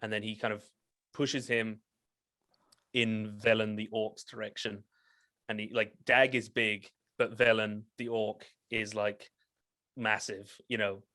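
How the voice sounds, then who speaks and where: A man runs a tabletop game in a low, fairly monotone voice. He rambles through descriptions with fillers and laughs along the way. The sound is dry and close. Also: measured pace, dry recording. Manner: rambling, many fillers and restarts, laughs often. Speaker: game master.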